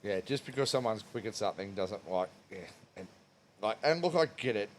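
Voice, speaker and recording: Low aussie guy nodding along and adding his bit, slight hiss on the line. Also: animated, a little fast. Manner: agreeing, reflective, sweary. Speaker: podcast co-host. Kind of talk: casual chat.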